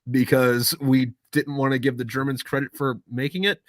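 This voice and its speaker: A man in a loose, rambling podcast chat, peppering his stories with swearing and getting animated as he goes. His voice sits in a middle register. The recording is dry, with no room sound. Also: medium pitch, moderate pace, no room sound. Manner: profane, rambling, animated storyteller. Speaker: podcast guest. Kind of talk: casual chat.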